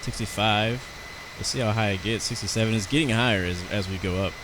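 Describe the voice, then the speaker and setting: A man's voice: fairly low pitch, brisk, background noise. An American man chatting casually and rambling through live commentary on his flight sim stream, talking to his viewers.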